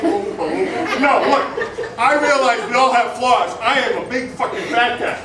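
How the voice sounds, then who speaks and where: A man's voice: very high voice, normal speed. A male stand-up comedian working a comedy club crowd, brash and profane. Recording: roomy club, distant mic, loud crowd.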